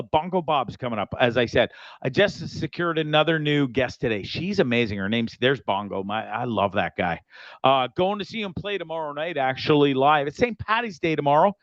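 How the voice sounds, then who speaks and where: Brief: male host, slightly high voice, rambly and sweary sponsor reads, dry dull sound. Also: a bit bright, clear, resonant tone, no room sound. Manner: rambling, profane, jokey, restless. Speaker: show host. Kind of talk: casual show monologue with sponsor reads.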